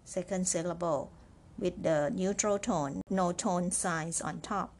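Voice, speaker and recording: A woman teaching a pinyin quiz, speaking slowly and deliberately and spelling out letters one by one. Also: lowish voice, steady tone, darkish tone. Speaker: Chinese language teacher. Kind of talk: slow spoken pinyin quiz lesson.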